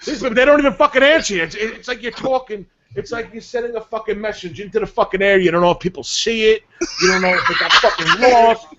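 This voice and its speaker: Ranting male show regular, high voice, muffled lo-fi audio. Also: fast talker, a bit bright, slight background noise. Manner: angry, profane, ranting. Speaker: show regular, clan player. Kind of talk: profane ranting chat.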